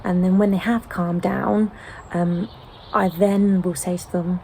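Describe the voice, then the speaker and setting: A British mother in a casual sit-down chat, explaining gently with frequent ums. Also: fairly low pitch, level tone, measured pace, creaky, a little hiss or hum, poor audio. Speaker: home-educating mother.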